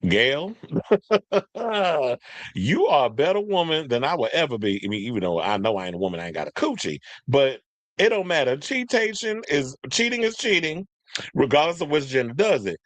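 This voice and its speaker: A man's voice: medium pitch, sing-song, normal speed, no room sound. Man, casual commentator, blunt and rambling, dry close sound.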